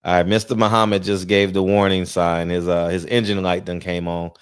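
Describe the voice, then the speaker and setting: A man with a very low voice hosts a casual chat in a dry room. He speaks haltingly and often stumbles and restarts mid-sentence. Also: flat delivery, clean tone, no echo. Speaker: host.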